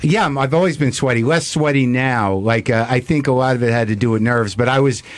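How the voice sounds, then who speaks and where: A man's voice: mid-range voice, a little fast, no room sound. A man on a radio show as a guest, telling rambling, self-mocking stories. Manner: self-deprecating, rambling storyteller. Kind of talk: casual radio banter.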